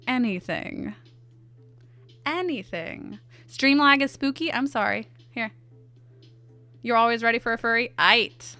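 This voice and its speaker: A woman's voice: a little high, moderate pace, sharp tone, no room sound, soft background music. A woman streaming while she draws, chatting casually, reading her chat aloud and answering it with self-deprecating asides. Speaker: art streamer.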